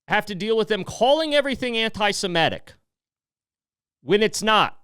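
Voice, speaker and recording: A man's voice: sits high, big pitch swings, moderate pace, fairly bright tone, smooth, no room sound, studio quality. An American man hosting a political podcast, ranting heatedly and swearing freely. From United States. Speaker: podcast host.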